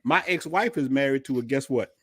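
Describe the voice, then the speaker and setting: A man's voice: mid-range voice, a little fast, dry recording, clean studio sound. A middle-aged man hosting a podcast, telling personal stories in casual, slangy chat. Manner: animated storyteller, slangy. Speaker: podcast host.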